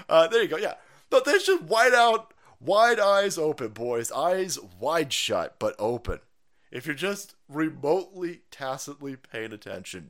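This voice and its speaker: A man hosting a live stream, ranting in a foul-mouthed way, breaking into loud mocking impressions and laughter. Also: medium pitch. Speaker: streamer host.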